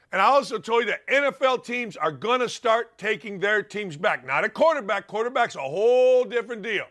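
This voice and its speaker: A man hosting a sports talk show, delivering an emphatic, combative opinion rant with quick asides. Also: high voice, lively intonation, sharp tone.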